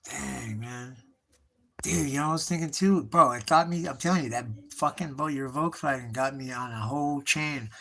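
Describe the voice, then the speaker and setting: A middle-aged man with a bright, forward voice talks in a loose, rambling way, full of slang and swearing. He keeps addressing his listener as bro and dog, trails off mid-thought and picks the story back up, his pitch sitting in an ordinary middle range. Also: normal speed, vocal fry. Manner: nostalgic storytelling, trailing off and restarting. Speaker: artist streaming live. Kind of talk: rambling casual monologue.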